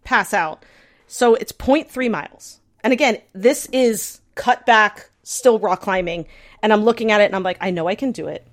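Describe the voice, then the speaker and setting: A young woman casually telling a story on a podcast, full of fillers and restarts, breaking into squealing high bits as she acts out her own panic. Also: moderate pace. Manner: frequent filler words, restarts. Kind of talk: casual chat.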